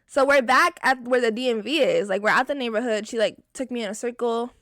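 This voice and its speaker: A young woman vlogger telling a storytime in casual, expressive chat, often swearing. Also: fairly high pitch, a little fast, no echo, studio quality. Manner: animated, expressive and profane.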